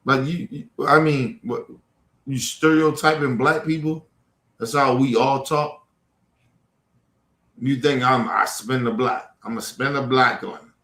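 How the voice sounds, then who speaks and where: A man's voice: medium pitch, steady tone, a little slow, long pauses, a bit bright. A man hosting a livestream, confronting trolls in the chat in a heated, profane rant. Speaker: livestream host. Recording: echoey room.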